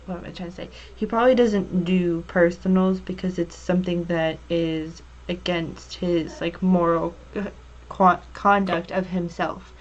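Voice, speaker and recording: A woman's voice: on the low side, steady tone, a little slow. A woman hosting a TV review chat, hesitant and searching for her words. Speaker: show host. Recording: dull lo-fi audio.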